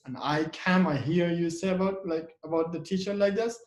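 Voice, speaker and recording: A man's voice: sits high, fairly even intonation, normal speed, hardly any pauses, darkish tone. Man teaching grammar in an echoey room. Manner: asks and answers his own questions, repeats example sentences with stress. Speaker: English teacher. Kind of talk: classroom grammar lesson.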